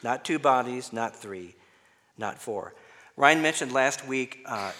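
A man's voice: medium pitch, lively intonation, slow pace, bright, forceful tone. A man preaching an expository sermon as a pastor, reading scripture aloud and then explaining its words in a conversational way. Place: church sanctuary. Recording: long hall reverb.

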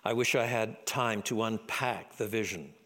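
A man preaching a sermon in an expressive, dramatic way, dropping low and quiet for solemn lines. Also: a little slow.

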